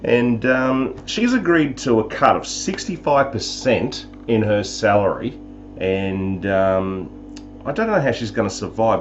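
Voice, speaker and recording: An Australian man hosting a live talk show, chatting casually with jokes and sarcasm. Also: medium pitch. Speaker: show host. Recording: dull lo-fi sound, faint music.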